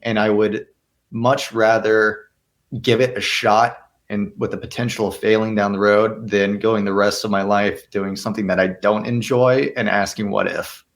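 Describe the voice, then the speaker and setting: Earnest young man with a low voice. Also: little pitch movement. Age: young adult. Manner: earnest, thoughtful, halting restarts. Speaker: actor and guest. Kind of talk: interview answers.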